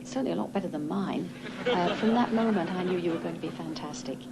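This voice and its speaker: A woman's voice: on the low side, quick pace, heavy background noise. A woman recording a fond, chatty message from a backstage dressing room. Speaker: guest sending a message.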